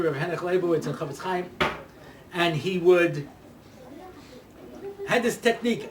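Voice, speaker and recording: A man giving a humorous talk as a rabbi, telling stories in an animated way with many "you know"s. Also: sits high, noisy background. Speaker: rabbi, speaker. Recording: roomy hall recording from a distance.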